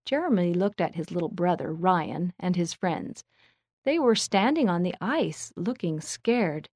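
A woman narrating a children's story, reading it aloud in a clear, measured way. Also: on the low side, animated, darkish tone, no echo, studio quality.

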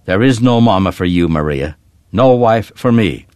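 A man playing a bitter, grieving father who answers in curt, gruff lines. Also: lowish voice, animated, normal speed, no room sound, clean studio sound, natural voice. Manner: curt, gruff, softening to quiet.

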